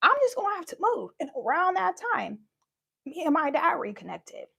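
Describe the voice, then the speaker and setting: A woman's voice: high-pitched, wildly swooping pitch, moderate pace, gravelly, pushed and bright. A young woman candidly telling a personal story in a live talk, acting out what people said. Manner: candid, conversational, acts out quoted lines. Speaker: speaker sharing her story.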